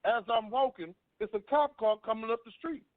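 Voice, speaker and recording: A man with a fairly high voice tells a personal story in an earnest, repetitive way. His voice is dry and thin, as if heard over a phone line. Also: normal speed, dry recording. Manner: earnest, storytelling, repeats himself. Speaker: panel guest. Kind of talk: personal story on a talk panel.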